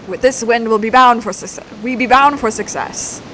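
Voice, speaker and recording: A woman voicing a gruff middle-aged male ship captain with rough, boastful sailor talk. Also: a little high, moderate pace, a bit bright, slight background noise, close to an everyday voice.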